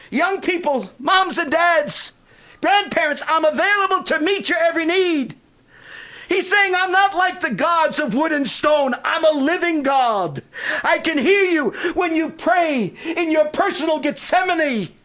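A man with a strikingly high voice preaches a sermon to a congregation. His delivery climbs into ringing, stretched-out shouts of proclamation, then falls back to a soft, intimate call. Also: expressive. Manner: rises into shouted, drawn-out proclamations, then drops to a hushed altar call.

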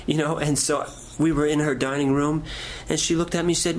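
A man's voice: on the high side, flat delivery, brisk, slight background noise. A middle-aged male pastor preaching a sermon, telling stories in a folksy way and asking the congregation questions.

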